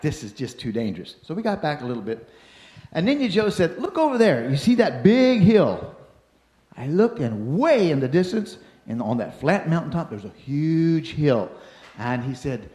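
An older man telling a personal story in an animated way, acting out the voices and shouts of the people in it. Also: mid-range voice. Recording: roomy echo.

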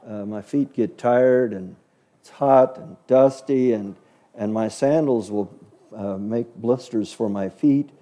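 A man's voice: mid-range voice, slow, dark tone, pitched below the performer's own voice, lightly acted. A man voicing a reluctant, embarrassed male disciple who hesitates and sputters as he makes excuses.

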